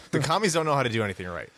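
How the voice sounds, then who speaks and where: A man co-hosting a casual hockey podcast, ranting with animated, self-mocking humor. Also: mid-range voice, fast, no echo, clean studio sound. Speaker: podcast co-host.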